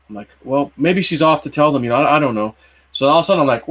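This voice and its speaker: A man in his early forties, co-hosting a livestream, tells a long personal story in a casual, rambling way full of fillers and restarts. His voice is mid-range and fairly bright, and he speaks at a quick pace.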